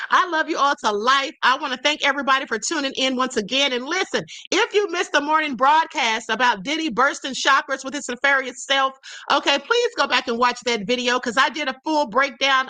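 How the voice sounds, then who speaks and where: Woman hosting a livestream, high bright voice, laughs a lot, reads viewer comments, keeps saying pay attention, dry close mic. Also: no echo. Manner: repeats "please pay attention". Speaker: host.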